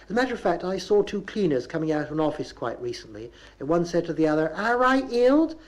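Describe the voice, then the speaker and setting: A man's voice: on the high side, fast talker, darkish tone, rough recording. A man with a Bristol accent giving a chatty, wry, folksy humorous monologue. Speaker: narrator. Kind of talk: humorous spoken-word monologue.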